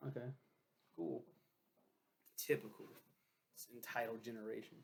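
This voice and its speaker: A young man chatting loosely through a book review, swearing often and laughing at his own slips. His voice is mid-pitched with a gravelly, fry-edged texture. He talks like a casual vlogger, not a polished presenter. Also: unhurried, pauses often, darkish tone. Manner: rambling, profane, self-deprecating.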